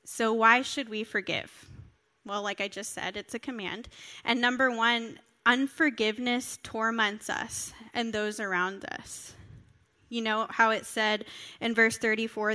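Woman preacher, sermon with scripture reading, high-ish bright tone, earnest and direct. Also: steady tone, a little slow. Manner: earnest, emphatic, talks directly to listeners.

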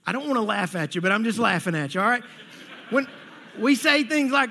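High-voiced pastor preaching in an echoey hall. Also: male voice, lively intonation, brisk, vocal fry, bright, forceful tone. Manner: conversational, repeats words, asks the congregation questions. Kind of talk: sermon.

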